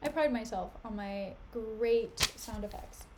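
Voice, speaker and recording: A woman's voice: fairly high pitch, unhurried, noisy background. A young woman streaming, retelling a play in a chatty, slangy way, her voice still recovering.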